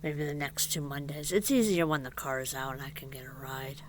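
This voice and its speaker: A man vlogging outdoors in a casual, rambling way, halting and hesitant, rueful and confiding, sometimes dropping to a hushed near-whisper. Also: mid-range voice, fairly even intonation, a little hiss or hum. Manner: halting and hesitant, with repeated fillers and restarts. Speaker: vlogger and musician.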